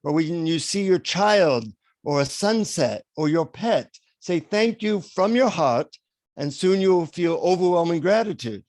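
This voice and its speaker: A man's voice: on the high side, animated, measured pace, a little mellow, no echo, clean studio sound. A man doing a solemn Indian guru. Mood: lecturing. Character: serene male Indian guru, solemn and wise.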